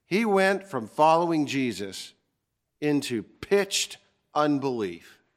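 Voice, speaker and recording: Earnest preacher man, slightly high voice. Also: big pitch swings. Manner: earnest, emphatic preaching with dramatic slowdowns. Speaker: pastor. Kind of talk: sermon.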